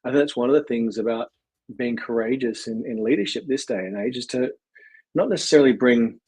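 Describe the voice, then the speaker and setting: A man's voice: medium pitch, fairly quick, darkish tone, husky, low-quality recording. A man guesting on a podcast, talking reflectively and rambling with restarts. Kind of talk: casual conversation.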